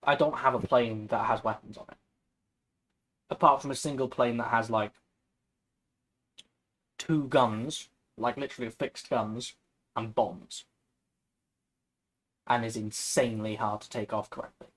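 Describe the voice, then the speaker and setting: A man's voice: medium pitch, moderate pace, pauses often, fairly bright tone. A man chatting casually while he plays a game on stream, swearing now and then. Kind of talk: casual gaming chat.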